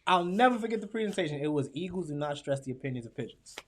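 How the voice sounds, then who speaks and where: A young adult man, a podcast guest, talking in a casual, slangy, animated way and acting out voices as he tells stories. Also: fairly high pitch, very fast. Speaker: podcast guest, professional speaker. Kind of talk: casual storytelling chat.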